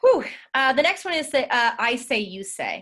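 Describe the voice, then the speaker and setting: A woman leading a drama workshop over a video call, chatty and animated with many fillers. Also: sits high, moderate pace.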